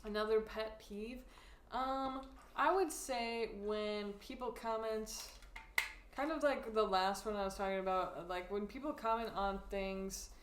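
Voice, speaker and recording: A woman's voice: mid-range voice, unhurried, a little hiss or hum. A woman co-hosting a casual podcast chat, joking around and laughing while she tells stories. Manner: laid-back, joking, laughs often. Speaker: podcast co-host. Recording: roomy echo.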